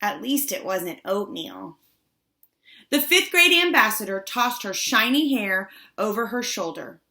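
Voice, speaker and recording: A woman reading first-person audiobook narration with wry, deadpan asides. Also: medium pitch, unhurried, gravelly.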